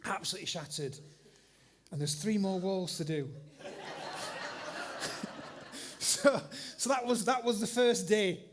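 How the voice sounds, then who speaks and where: A middle-aged man, preaching in a church and telling a rambling, animated story full of restarts. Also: sits high, a little slow, long pauses, background noise. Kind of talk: sermon story. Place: church hall with congregation.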